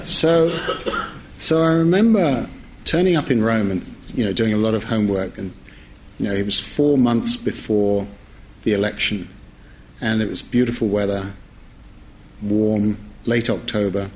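A man's voice: on the low side, unhurried, slight background noise. A middle-aged man, a journalist, telling a humorous anecdote in a chatty way, often correcting himself and laughing as he goes. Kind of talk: humorous anecdote told to listeners.

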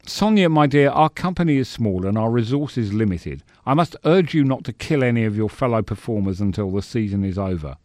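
A man's voice: fairly low pitch, animated, fairly quick, hardly any pauses, a little mellow, no room sound, lightly acted. A man voicing a smug, suave older theatre director giving notes with dry irony, in a storybook reading.

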